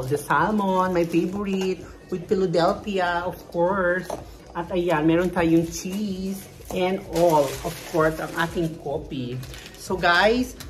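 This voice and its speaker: A woman's voice: fairly low pitch, slight background noise. A woman with a Filipino accent in a casual morning vlog, chatting and searching for words as she mixes in Tagalog. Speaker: vlogger. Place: outdoors on a balcony, then in a home kitchen.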